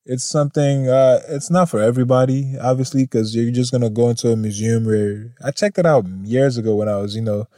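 A man's voice: mid-range voice, steady tone, fairly quick, few pauses, mellow, dry recording, clean studio sound. Laid-back swearing male podcast host. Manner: laid-back and swearing, laughs often, rambles off topic. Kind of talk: casual news chat.

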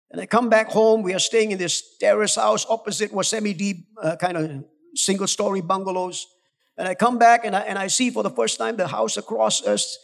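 A high-pitched male pastor preaches with urgency, swinging between coaxing lows and near-shouted peaks. His voice rings through a church hall with a long, lingering reverb. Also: creaky. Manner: urgent, exhorting, rising to shouts, coaxing the congregation. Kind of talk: sermon.

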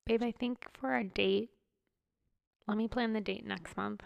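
A woman's voice: medium pitch, fairly even intonation, a little slow, gravelly, dry recording, dull audio. A young woman co-hosting a podcast with her husband, chatty and stuffed up, running out of breath as she talks. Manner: chatty, laughs often, runs out of breath. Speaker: podcast co-host. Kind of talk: casual chat. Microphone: close studio mic.

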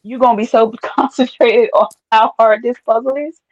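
A woman with a fairly high voice chats casually as a podcast co-host. She is playful and quick to laugh, tossing in asides. The sound is dry and close to the mic. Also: steady tone, dry recording, highs cut off.

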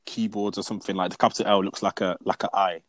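A young man in casual chat, animated and repeating words as he rants. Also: sits low, fast talker, no room sound. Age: young adult.

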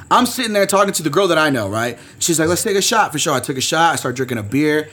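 A man's voice: a little high, very animated, brisk, fairly bright tone, slightly rough. A man co-hosting a podcast, telling a long profane party story in casual chat. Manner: profane, rambling anecdote with quoted voices. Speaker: podcast co-host.

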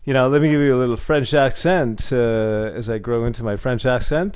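A man's voice: mid-range voice, brisk, few pauses, dry recording. A tipsy man as a guest on a casual podcast at a cabin, telling a joking story with plenty of fillers. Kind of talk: casual chat.

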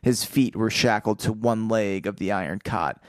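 A podcast co-host with a lowish voice reads a book aloud at normal speed, in clean studio sound with no echo. In this casual comedic read-along, he breaks off from passages to riff with jokes and laughs.

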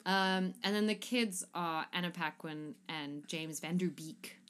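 A woman's voice: fairly low pitch, fairly even intonation, measured pace, a bit bright. A woman co-hosting a podcast in casual film chat, talking animatedly, swearing freely and acting out lines. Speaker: podcast co-host.

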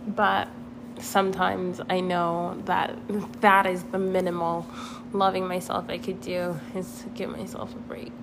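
Gravelly young woman rambling candidly. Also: fairly low pitch, level tone, a little slow, noisy background. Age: young adult. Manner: candid, swearing, laughs at herself. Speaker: vlogger. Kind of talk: casual rambling monologue.

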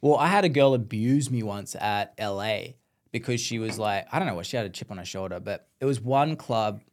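A man's voice: lowish voice, a little fast. A young Australian man hosting a podcast, chatting casually, telling stories and laughing often. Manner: laughs often, animated storytelling. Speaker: podcast host. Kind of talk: casual chat.

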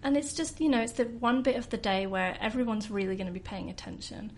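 Woman from scotland, wedding celebrant guest, enthusiastic, laughs often, faint rumble behind. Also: quick pace. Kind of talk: casual podcast chat.

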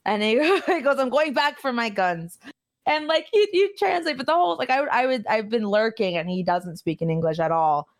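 A woman streamer telling a story in a casual interview, animated and laughing often. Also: fairly high pitch, a little fast, few pauses. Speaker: streamer guest.

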